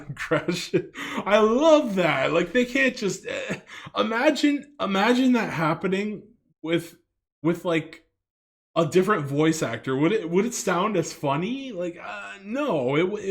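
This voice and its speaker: A man from Canada giving loose, casual commentary for his video, full of fillers and restarts, with some swearing. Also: a little high.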